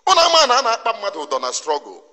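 Emphatic Nigerian man with bright lively voice. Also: high voice, racing. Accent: Nigerian Igbo. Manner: emphatic, repetitive, preachy scolding. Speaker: activist commentator. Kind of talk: impassioned monologue. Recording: long reverb.

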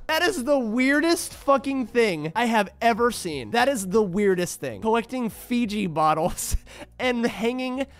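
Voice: medium pitch, animated, a little slow. A streamer chatting casually on stream, laughing often and swearing playfully. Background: faint lo-fi music.

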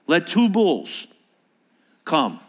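A man's voice: fairly high pitch, huge pitch swings, very slow, full character voice. Man playing a bold, taunting prophet. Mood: commanding. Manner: taunting, commanding. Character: bold commanding old prophet, mocking rivals. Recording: echoey large hall.

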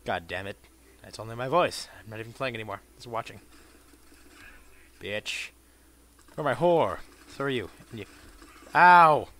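A man giving profane gameplay commentary, muttering dry asides and bursting into shouted insults at enemies. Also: fairly low pitch, lively intonation, moderate pace, pauses often, slight background noise. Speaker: let's play gamer.

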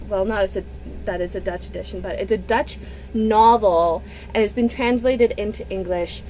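A woman in her twenties, gushing and excitable in a casual unboxing vlog at home, with gasps and squeals. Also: mid-range voice, background noise. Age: 20s. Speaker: book vlogger.

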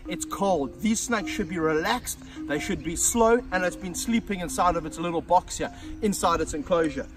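A middle-aged man hosting an energetic outdoor wildlife demonstration, talking straight to his viewers and breaking into whoops. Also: high voice, moderate pace, far from the mic, soft background music. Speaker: wildlife handler and host. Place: outdoors by snake enclosures.

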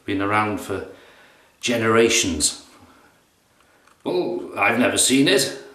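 A man's voice: on the low side, expressive, takes it slowly, a bit bright. Man playing a polite, deferential butler. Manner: polite, hesitant, formal. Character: deferential middle-aged male butler. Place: bathroom. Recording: echoey room.

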